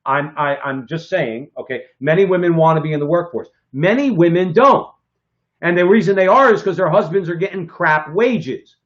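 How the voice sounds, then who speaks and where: A man co-hosting a political talk show, his voice pitched a little high for a man. He talks emphatically and keeps adding a pushy "okay?" to drive points home. The sound is slightly dull and lo-fi. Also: animated, normal speed, a bit bright. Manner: emphatic, repeats "okay?" for stress. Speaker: co-host.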